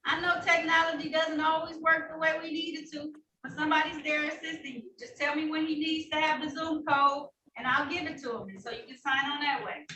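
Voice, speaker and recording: A woman's voice: high-pitched, steady tone, brisk, hardly any pauses, pushed and bright. A woman judge running a hearing over a video call, talking in a patient, reassuring, businesslike way. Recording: echoey room, picked up from a distance, faint noise.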